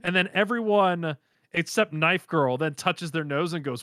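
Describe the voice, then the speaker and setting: A man co-hosting a casual chat, animated and laughing often as he acts out characters' lines. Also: on the high side, unhurried, clean tone, no room sound, clean studio sound. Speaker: podcast co-host reacting to an anime episode.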